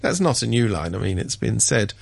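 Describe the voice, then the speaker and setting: A man chatting on a radio show, wry and sardonic, mimicking people in sudden high voices. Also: sing-song, a little fast, gravelly, slightly rough, no room sound. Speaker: radio commentator. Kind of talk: casual radio chat.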